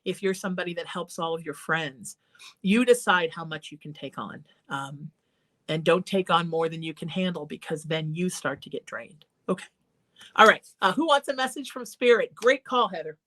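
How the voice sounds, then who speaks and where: A woman's voice: fairly low pitch, normal speed, fairly bright tone. Earnest woman host giving advice. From Irish heritage. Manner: earnest, encouraging, conversational. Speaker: psychic talk show host. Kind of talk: advice on a call-in show.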